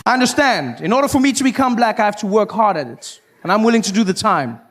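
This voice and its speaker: Animated South African man doing stand-up. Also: high-pitched, fast talker, soft background music. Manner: animated, shouting bits and acting out voices. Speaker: stand-up comedian. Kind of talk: stand-up comedy. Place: live comedy venue with audience.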